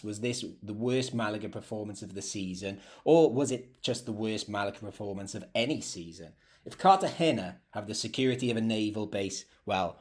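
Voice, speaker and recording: A man hosting a football fan podcast, chatty and jokey with fillers. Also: lowish voice. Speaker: podcast host. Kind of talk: casual podcast chat.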